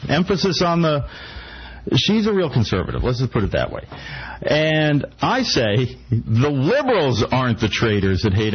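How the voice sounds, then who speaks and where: Husky guy ranting on talk radio, sarcastic, keeps restarting, sounds muffled. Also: medium pitch. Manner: mock-earnest, stumbling restarts. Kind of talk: satirical talk radio rant.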